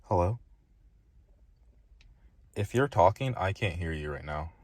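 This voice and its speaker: A man's voice: low voice, lively intonation, a little slow. A man giving a casual tech review, emphatic and frustrated, speaking bluntly.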